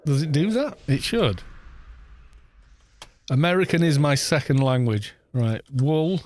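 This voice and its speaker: A man's voice: fairly high pitch, unhurried. A man with a Welsh accent from Wales, chatting casually and rambling with joking asides while streaming a game. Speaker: gaming streamer. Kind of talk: casual live-stream chat.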